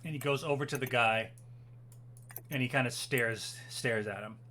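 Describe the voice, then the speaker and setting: A man's voice: medium pitch, normal speed, sharp tone, slight background noise. A man narrating as game master of a tabletop game, loose and hesitant with plenty of fillers.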